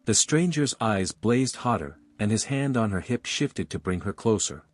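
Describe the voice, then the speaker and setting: A man narrating a romance audiobook with smooth, even storytelling. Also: lowish voice, normal speed, dry recording, soft background music.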